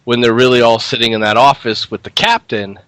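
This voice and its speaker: A man's voice: medium pitch, steady tone, a little fast, a bit bright, no echo. A man co-hosting a casual film review chat, retelling scenes and laughing often.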